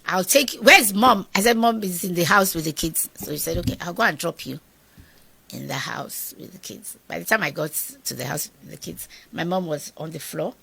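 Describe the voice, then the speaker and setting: A middle-aged Nigerian woman telling a personal story in an interview, animated and acting out the dialogue of the people in it. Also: fairly low pitch, moderate pace, creaky, breathy edge. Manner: animated, acts out quoted dialogue. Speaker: guest.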